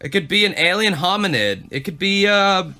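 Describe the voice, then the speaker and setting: A man's voice: high-pitched, very animated, moderate pace, pushed and bright. A man co-hosting a podcast, chatting casually and swearing freely. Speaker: podcast co-host. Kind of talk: casual chat.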